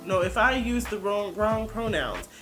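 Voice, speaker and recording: A woman of middle pitch talks in blunt, casual reaction commentary. She gets defensive and rambles as she hunts for words, with loud music playing clearly underneath her voice. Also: animated, measured pace. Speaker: vlogger reacting to a video.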